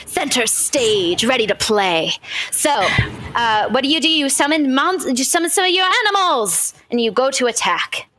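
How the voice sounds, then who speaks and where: A woman's voice: sits high, big pitch swings, moderate pace, bright, forceful tone, soft background music. A woman narrating a tabletop game as game master in a casual, fluid manner.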